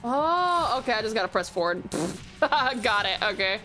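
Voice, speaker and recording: Australian woman, game streamer, excitable, swears a lot, faint game music behind. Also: on the high side, measured pace. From Tasmania, Australia. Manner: excitable, swears and laughs readily. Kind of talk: live game stream chatter.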